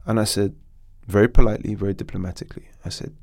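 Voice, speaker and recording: A middle-aged man, an actor, telling a story in a podcast interview with animated restarts. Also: on the low side, quick pace, dry recording, studio quality. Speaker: actor guest.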